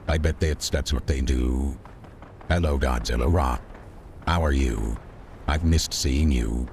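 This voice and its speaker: A man's voice: a bass voice, a little slow, a little mellow, slight background noise. A man streaming a video game, rambling in a chatty way and talking back to his chat. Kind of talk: livestream gameplay commentary.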